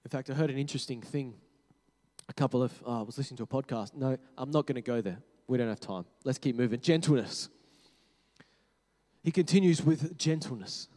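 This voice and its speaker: Pastor preaching in an echoing hall. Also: male voice, fairly quick. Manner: conversational, self-correcting, drops to soft low tones for emphasis. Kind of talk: sermon. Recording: long hall reverb.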